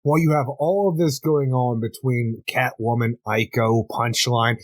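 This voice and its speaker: A man's voice: mid-range voice, steady tone, normal speed, no room sound. A man co-hosting a casual comic book podcast, giving long run-on plot recaps with sarcastic asides. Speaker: podcast co-host.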